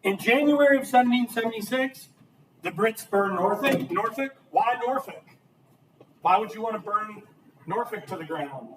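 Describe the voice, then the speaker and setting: A man's voice: high voice, normal speed, slight background noise. A man teaching a history class, lecturing with energy and asking his students questions. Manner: lively, asks the class questions. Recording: roomy, distant classroom recording.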